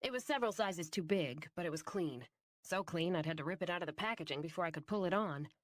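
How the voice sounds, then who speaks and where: A woman narrating a fantasy audiobook in first person, with a wry, brisk storytelling manner. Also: fairly low pitch, lively intonation, no room sound, studio quality.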